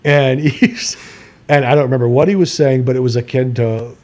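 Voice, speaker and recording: A man's voice: mid-range voice, normal speed, darkish tone. A man co-hosting a podcast, telling a long personal story in a rambling, casual way with frequent laughs. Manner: rambling, laughs often, acts out quotes in a raised voice. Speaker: podcast co-host.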